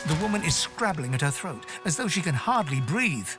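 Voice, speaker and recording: A man narrating a game in a measured, descriptive way. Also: a little high, big pitch swings, over music. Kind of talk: scripted narration.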